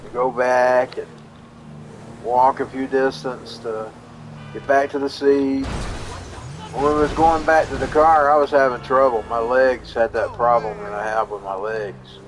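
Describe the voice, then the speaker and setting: A man's voice: mid-range voice, fairly even intonation, unhurried, slight background noise, low-quality recording. A man telling a long personal story in a casual, rambling way while live streaming, often repeating and restarting his words. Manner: rambling, folksy, repeats himself.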